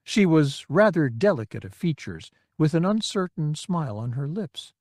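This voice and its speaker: A man narrating an audiobook in measured, expressive storytelling. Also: on the high side, dry recording, studio quality. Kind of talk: scripted narration.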